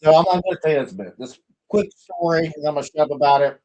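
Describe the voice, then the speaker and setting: A man's voice: a little high, quick pace, dark tone, lo-fi sound. A middle-aged man from the American Midwest hosting a casual livestream, chatting in a rambling way with many fillers and restarts. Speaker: livestream host.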